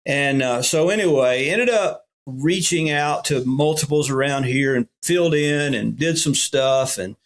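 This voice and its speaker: A man's voice: mid-range voice, measured pace, few pauses. A middle-aged man with a Southern US accent, a pastor telling folksy stories in a podcast interview. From Alabama. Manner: folksy, animated when quoting others.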